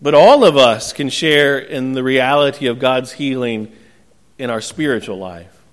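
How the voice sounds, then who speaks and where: A pastor giving an earnest sermon, telling a gentle joke along the way. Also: male voice, medium pitch, unhurried. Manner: earnest preaching with gentle storytelling humor. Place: church sanctuary. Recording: long church reverb.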